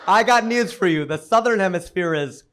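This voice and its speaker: An American man performing a stand-up comedy routine on stage, animated and exclaiming his punchlines. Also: sits high, moderate pace, noisy background. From United States. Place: comedy stage before a live audience.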